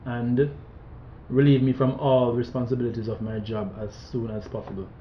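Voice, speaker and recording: A man reading a formal letter aloud in a plain, steady way. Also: mid-range voice, normal speed, a little hiss or hum. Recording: roomy, muffled recording.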